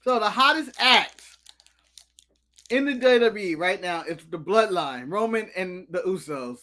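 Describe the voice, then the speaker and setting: American male co-host, high and bright, animated ranter, eats on mic. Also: a little slow. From United States. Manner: animated ranting, snacking while talking. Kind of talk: casual live-stream chat.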